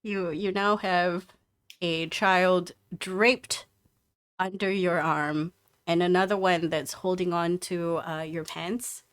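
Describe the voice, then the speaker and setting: A woman's voice: lowish voice, steady tone, slow, clear, resonant tone. A woman narrating as game master of a tabletop game, casual and full of restarts.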